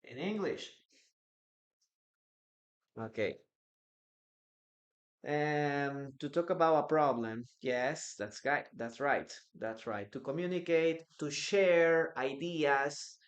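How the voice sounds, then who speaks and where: Slow-talking teacher with a Peruvian accent. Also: male voice, a little high. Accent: Peruvian Spanish. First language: Spanish. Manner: reads chat questions aloud and answers viewers. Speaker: English teacher. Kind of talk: live online English lesson. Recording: echoey room.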